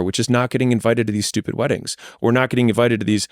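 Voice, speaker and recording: A man's voice: medium pitch, fairly even intonation, fast talker, dry recording, clean studio sound. A man in a candid podcast conversation, talking in a blunt, plainspoken and reflective way.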